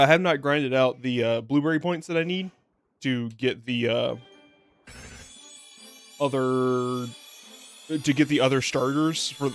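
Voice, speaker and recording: A hoarse young man chatting casually while streaming a video game, rambling, joking at himself and laughing often. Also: mid-range voice. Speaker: VTuber streamer. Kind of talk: casual gameplay stream chat.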